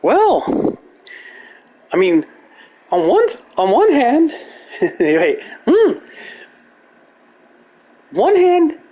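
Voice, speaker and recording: A man's voice: extremely high pitch, huge pitch swings, very slow, pauses often, mellow, voice pushed up, heavily acted. A man voicing a fussy, pompous professor in a pinched, prissy way. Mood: pondering.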